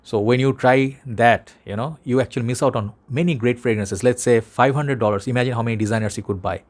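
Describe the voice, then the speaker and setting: A man's voice: mid-range voice, brisk. A man with a Bangladeshi accent, talking casually to camera as a fragrance vlogger in an earnest, rambling way, speaking to his viewers like brothers.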